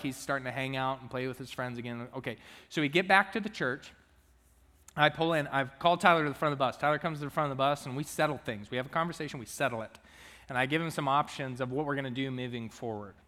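A man's voice: medium pitch, fast, pushed and bright, big-room sound. A young man and student minister giving a chatty, joking sermon to his church. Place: church sanctuary.

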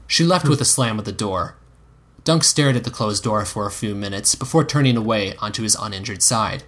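A man narrating an audiobook with a low voice. His tone is husky and a little breathy, and he tells the story in a steady, measured way.

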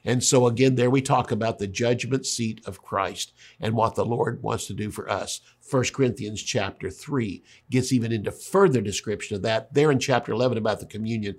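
Male Bible teacher with a husky voice, chatty and emphatic. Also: lowish voice, a little fast, few pauses. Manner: retells scripture conversationally with emphatic asides. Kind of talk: sermon.

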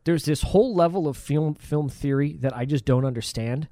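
A man's voice: a little high, normal speed, dark tone, dry recording, studio quality. A man co-hosting a podcast, enthusiastically adding details while recapping a film. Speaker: podcast co-host. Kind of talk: casual movie recap chat.

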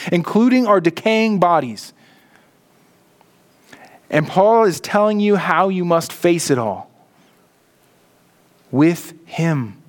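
A man with a high, light speaking voice preaches a sermon from the pulpit. He is earnest, often slowing right down and sinking low and quiet to press a point home. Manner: earnest preaching, slows and drops low for emphasis. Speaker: pastor.

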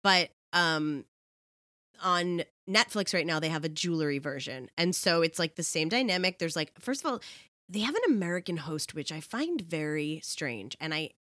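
A woman with a somewhat low voice, chatting casually and telling animated stories full of fillers and restarts. The recording is dry and close, with no room sound. She talks the way a regular podcast co-host does. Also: normal speed, no echo. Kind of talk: casual chat.

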